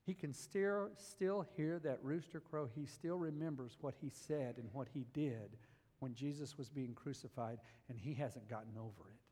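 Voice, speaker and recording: A man preaching a sermon, climbing to loud emphatic peaks and dropping to quiet, low passages. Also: normal speed, long reverb tail. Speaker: pastor.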